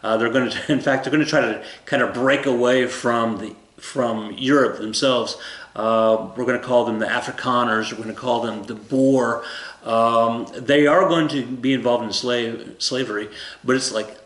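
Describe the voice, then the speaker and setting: A man's voice: medium pitch, fairly even intonation, normal speed, a bit bright. Rambling, jokey male history teacher. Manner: rambling, jokey, self-correcting. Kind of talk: casual recorded lesson. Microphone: camera. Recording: roomy echo.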